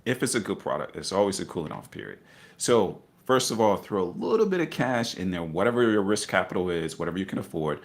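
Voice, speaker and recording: Low-voiced man, emphatic investing talk. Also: fast talker. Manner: animated, emphatic, repeats key phrases, bursts of laughter. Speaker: guest investor. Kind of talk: casual podcast conversation.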